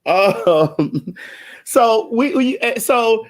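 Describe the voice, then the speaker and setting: A woman hosting a live virtual show, loud and brash, cussing freely and hyping her audience. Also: a little high, lively intonation, drawn-out words. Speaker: show host. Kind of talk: profane live-stream chat. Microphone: video call.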